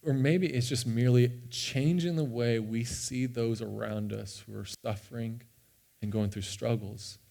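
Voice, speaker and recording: A young man, a pastor, telling a personal story in a sermon with earnest, animated delivery and frequent restarts. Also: mid-range voice, measured pace, gravelly. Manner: earnest and animated, often repeating words as he restarts. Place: church sanctuary.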